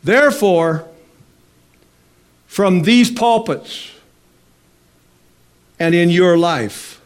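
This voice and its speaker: Male pastor, high voice, slow emphatic sermon delivery with congregation call-outs. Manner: slow emphatic preaching with drawn-out phrases and calls to the congregation.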